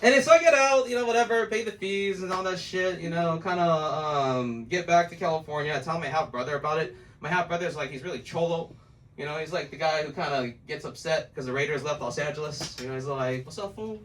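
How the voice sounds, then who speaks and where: A man's voice: fairly high pitch, brisk, a bit bright, far from the mic, a little hiss or hum. A man doing stand-up, rambling and profane, laughing at his own jokes. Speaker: stand-up comedian. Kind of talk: stand-up storytelling.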